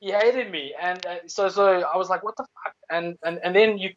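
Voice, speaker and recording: A man's voice: high voice, steady tone, normal speed, dull audio. A South African man, a comedian guest, chatting casually and rambling with many restarts and the odd swear word. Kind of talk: casual chat.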